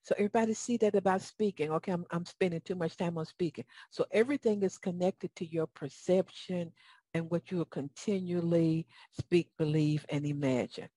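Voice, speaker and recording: Woman, Southern accent, motivational talk, folksy preacher tone, low voice, dry sound. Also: fairly even intonation, normal speed, warm tone, dry recording. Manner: folksy, preacherly, asks the audience questions. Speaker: motivational speaker. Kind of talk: motivational talk to a live audience.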